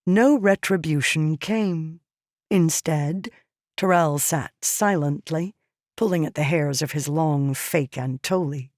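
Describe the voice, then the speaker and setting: A woman reading a fantasy novel aloud in measured scripted narration. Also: sits low, darkish tone, dry recording, clean studio sound. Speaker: audiobook narrator.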